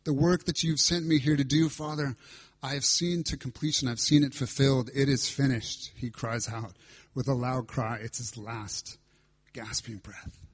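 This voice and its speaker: Male preacher, husky voice, mid pitch, walks through scripture with dramatic weight. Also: steady tone, normal speed. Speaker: pastor. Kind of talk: sermon.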